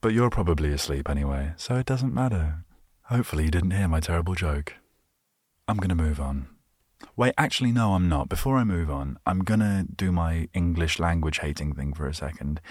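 A man's voice: sits low, a little mellow, dry recording, clean studio sound. A man hosting a solo podcast, rambling through self-mocking jokes and asides. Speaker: podcast host.

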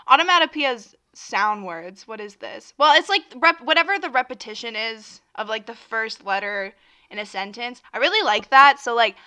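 A woman's voice: a little high, sharp tone, smooth. A young woman hosting her own podcast, chatting casually and rambling with lots of fillers while she has the hiccups. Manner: chatty and rambling, many fillers and self-interruptions. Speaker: podcast host. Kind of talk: casual solo podcast chat.

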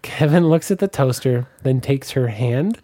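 A man's voice: medium pitch, animated, measured pace, warm tone, no room sound, clean studio sound. Laughing male podcast host. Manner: narrates with a laugh, joking asides. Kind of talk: casual podcast chat, reading a story aloud.

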